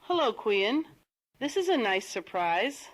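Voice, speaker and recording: A woman's voice: fairly high pitch, very animated, unhurried, low-quality recording. A woman voicing a welcoming hostess in a textbook audio dialogue, speaking in a hospitable way. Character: welcoming hostess inviting a friend.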